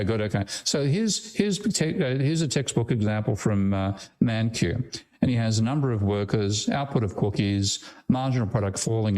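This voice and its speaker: A man's voice: lowish voice, a little mellow. An older man with an Australian accent giving an online academic lecture over a video call, blunt and irreverent, swearing casually. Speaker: guest lecturer.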